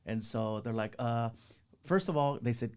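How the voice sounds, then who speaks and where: Middle-aged comedian guest, mid-range male voice, animated storyteller. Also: mid-range voice, normal speed. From Mexican-American. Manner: animated storyteller, acts out quotes. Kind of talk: casual interview storytelling.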